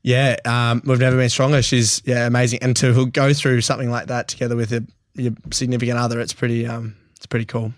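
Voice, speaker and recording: A man's voice: medium pitch, little pitch movement, brisk, few pauses, dry recording. A young Australian man in his twenties speaks as a podcast guest, blunt and raw, swearing freely. His voice sits in an ordinary middle register. The sound is dry and close, with no room around it. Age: 20s. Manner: blunt and emotional, swears freely, laughs often. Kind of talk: candid podcast interview.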